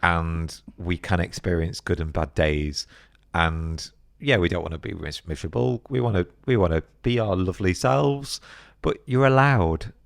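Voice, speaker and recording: A middle-aged British man talking as a podcast guest, telling stories in a casual, animated way and acting out other people's voices. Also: sits low, moderate pace, gravelly, no room sound, studio quality. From Britain. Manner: animated, acts out voices of others mid-story. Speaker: podcast guest, business co-founder. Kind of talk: casual interview chat.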